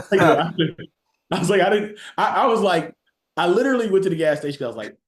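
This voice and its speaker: Male podcast guest, lively storyteller, very expressive pitch, roomy echo. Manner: animated, acts out quotes, laughs often. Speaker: guest, college football player developer.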